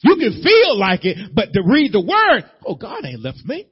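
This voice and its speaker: A man preaching a sermon as pastor. He builds repeated phrases up to loud peaks and then drops to low, quiet asides. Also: wildly swooping pitch, moderate pace, husky. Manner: preaching with rising emphatic repetition, dropping to low intimate asides. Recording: muffled lo-fi sermon recording.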